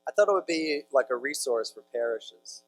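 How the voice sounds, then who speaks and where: A man's voice: mid-range voice, lively intonation, moderate pace, low-quality recording. A man, a priest speaking to a large audience in a conversational storytelling talk with jokey asides to the crowd. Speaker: priest giving a conference talk.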